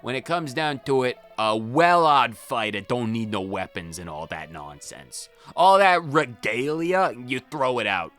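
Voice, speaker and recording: A man's voice: medium pitch, expressive, unhurried, hardly any pauses, fairly bright tone, soft background music. A man voicing a blunt lone male warrior in a video game, speaking in a thick put-on accent. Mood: gruff. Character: lone male warrior who challenges heroes.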